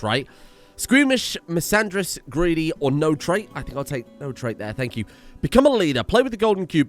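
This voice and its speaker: British male let's player, slightly high voice, sweary outbursts then mutters, light music bed. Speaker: let's play host. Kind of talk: gameplay commentary.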